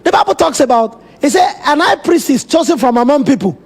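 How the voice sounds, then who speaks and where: A man's voice: extremely high pitch, animated, a little fast. A man preaching a sermon as pastor, telling Bible stories with dramatic, emphatic asides.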